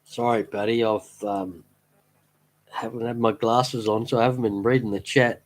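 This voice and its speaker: A man's voice: fairly low pitch, fairly even intonation, moderate pace. A man chatting casually on a live stream, rambling fondly and laughing easily. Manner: rambling, fond and easily amused. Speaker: streamer talking to chat.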